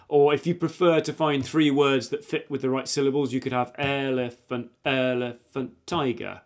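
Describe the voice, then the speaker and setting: A man's voice: medium pitch, normal speed, few pauses. A man teaching a guitar lesson, patiently counting beats aloud and explaining strum directions while he plays. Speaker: music teacher. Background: guitar playing.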